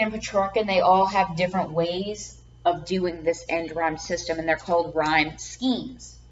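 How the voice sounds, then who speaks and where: A woman teaching a class lecture. She often says um, repeats words and checks in with "okay?". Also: mid-range voice. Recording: dull lo-fi recording with faint background noise.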